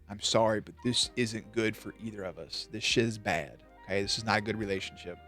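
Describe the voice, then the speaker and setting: A man's voice: on the low side, steady tone, fairly quick, a bit bright, faint music behind. A man streaming, telling a story in a loose, profane way and laughing at his own punchlines. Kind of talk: casual storytelling on a live stream.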